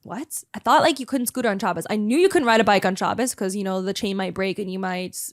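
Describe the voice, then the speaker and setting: A woman's voice: mid-range voice, fast talker, no echo, clean studio sound. A young woman hosting a podcast. She tells a story in a casual, chatty way and fills her speech with "like.". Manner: chatty, animated, full of "like" fillers. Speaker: podcast host.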